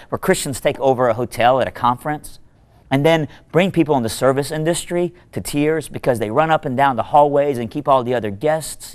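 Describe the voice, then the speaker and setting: A male minister delivers a short devotional talk in a relaxed, conversational way. His voice sits in a middle range, and he tells his story with animated energy and quick asides. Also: medium pitch. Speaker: minister and speaker.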